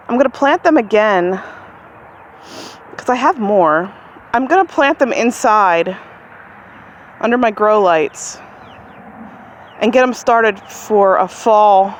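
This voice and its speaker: Chatty woman touring her backyard garden. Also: slight background noise. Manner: chatty and rambling, talks to her chickens in a high sing-song. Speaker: gardening vlogger. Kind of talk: casual garden tour. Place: outdoors in a backyard garden near chickens. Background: birds and chickens clucking faintly.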